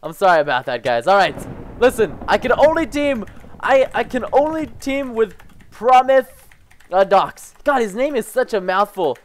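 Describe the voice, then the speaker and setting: A man giving excited gameplay commentary as a gaming YouTuber, excitable, jumping between hushed asides and loud yelps. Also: high voice, normal speed.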